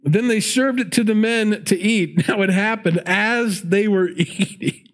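A man's voice: high-pitched, a little slow. A man teaching through a Bible passage in a conversational sermon, laughing often and acting out the people in the story. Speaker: pastor.

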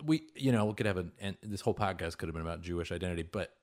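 Guy guest on a podcast, talks fast, lowish voice, wry and opinionated. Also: darkish tone. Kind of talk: casual conversation.

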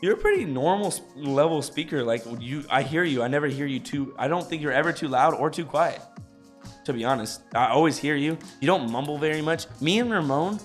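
Ein junger Mann, Co-Moderator eines Livestreams, mit lauter, tragender Stimme, der lebhaft plaudert, viel lacht und locker flucht. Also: male voice, a little high, brisk, soft background music. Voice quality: loud, carrying voice. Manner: animated, swears casually, laughs often. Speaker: co-host. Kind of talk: casual chat on a live stream. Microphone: studio microphone.

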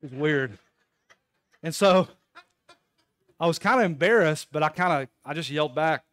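Guy pastor preaching, chatty storytelling sermon, kinda high voice, dry sound. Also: moderate pace, pauses often, dry recording. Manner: conversational storytelling, addressing congregation.

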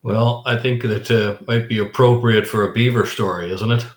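A man telling a story in casual chat, lively and animated, slipping into other people's voices. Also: fairly low pitch, moderate pace, reverberant.

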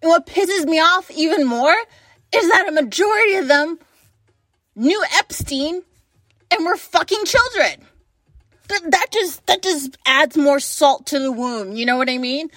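Furious high-voiced woman ranting. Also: expressive, fairly bright tone, no echo. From United States. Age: late 20s. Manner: furious, profane, rapid-fire rhetorical questions. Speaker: vlogger. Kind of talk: angry political rant to camera.

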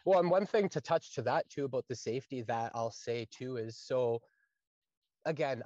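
A man's voice: mid-range voice, darkish tone, dry recording, highs cut off. A man in his thirties from Canada, talking earnestly and at length in a casual podcast conversation, full of fillers. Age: 30s. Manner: earnest, rambling with frequent fillers. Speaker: guest.

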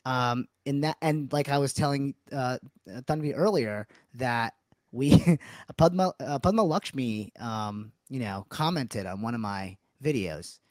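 A man in his forties from New Hampshire is the guest in a relaxed podcast conversation, spinning stories, breaking into laughter and restarting his sentences. His voice sits at an ordinary male pitch. The recording is dry and close, with no room sound. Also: no room sound. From New Hampshire, USA. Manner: chatty storyteller with quick restarts and frequent laughs. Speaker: guest comedian. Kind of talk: casual podcast chat.

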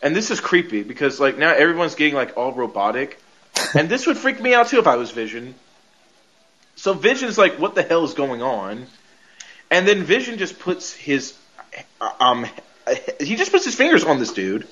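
High-voiced rambling man on a lo-fi recording. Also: big pitch swings, moderate pace, fairly bright tone. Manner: rambling, full of "like" and restarts, laughing often. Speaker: podcast host. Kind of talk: casual episode recap. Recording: dull lo-fi recording with faint noise.

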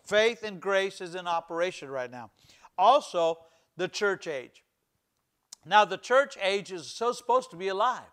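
A man's voice: sits high, lively intonation, measured pace, a bit bright. A middle-aged male pastor preaching a fervent sermon, acting out the voices of scripture as he goes.

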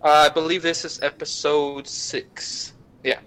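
A fairly high, smooth male voice belongs to a young podcast guest retelling an anime plot, heavy on swearing, with fast bits of character voices. It's a low-quality recording.

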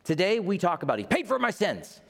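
A pastor preaches, a middle-aged man whose voice sits a little higher than most. He tells stories with energy, acting out the voices he quotes and leaping up and down in pitch. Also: brisk, vocal fry. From Tennessee, USA. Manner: lively storyteller, acts out quotes, jumps in pitch. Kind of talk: sermon.

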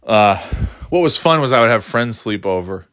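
A man's voice: lowish voice, lively intonation, normal speed, a bit bright, no echo, clean studio sound. A man telling a casual, rambling story about his past, often interrupting himself and laughing.

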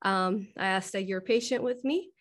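A woman's voice: mid-range voice, moderate pace. A woman hosting a live spiritual question-and-answer talk, emotional and often laughing, a little short of breath. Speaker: host and hypnosis teacher.

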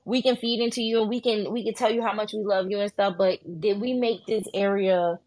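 A woman co-hosting a podcast in casual chat, animated, jokey and dramatic. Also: mid-range voice, fairly quick. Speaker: podcast co-host.

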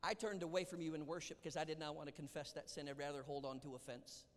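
Male pastor, sermon, animated, acts out scripture voices, slightly high voice, long reverb of a large hall. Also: quick pace. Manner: animated, acts out Bible dialogue, drops to whispers. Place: church sanctuary.

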